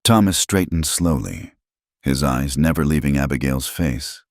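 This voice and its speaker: Very deep-voiced male narrator. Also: normal speed, no room sound, clean studio sound. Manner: dramatic storytelling. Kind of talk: scripted narration.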